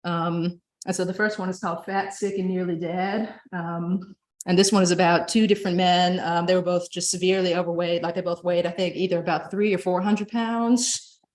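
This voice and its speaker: A woman's voice: fairly low pitch, steady tone, normal speed, a little mellow. A young woman giving a casual presentation, chatty and full of filler words.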